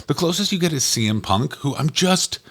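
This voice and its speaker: A man co-hosting a casual comedy podcast, talking in excited, rambling bursts with swearing and sudden jumps up in pitch. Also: a little fast. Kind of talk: casual chat.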